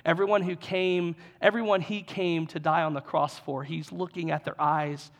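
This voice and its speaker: A man with a fairly high-pitched voice delivers a sermon. He talks in an earnest, conversational way and often restarts and repeats phrases for emphasis. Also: flat delivery, moderate pace. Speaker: pastor.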